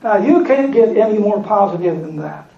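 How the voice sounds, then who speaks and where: A man's voice: sits high, animated, normal speed, creaky, warm tone. A man preaching a sermon, reading scripture aloud and repeating lines for emphasis. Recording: echoey room, dull lo-fi sound.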